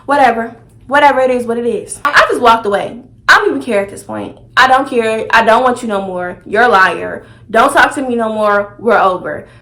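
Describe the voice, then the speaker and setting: A young woman vlogger telling a personal story in a sassy, animated, dramatic way. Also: high-pitched. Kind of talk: storytime vlog.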